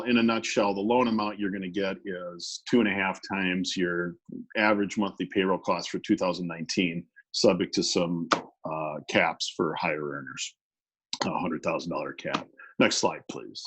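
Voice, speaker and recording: A man's voice: low-pitched, fairly even intonation, normal speed, a bit bright, slightly rough, poor audio. A man who works as a business lawyer, presenting a webinar in a conversational way with many fillers and restarts.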